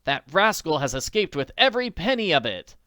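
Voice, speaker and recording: Man playing a teenage girl detective, audiobook, lifted pitch, urgent, resolute. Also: big pitch swings, measured pace, fairly bright tone, no echo, clean studio sound. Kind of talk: audiobook character voice.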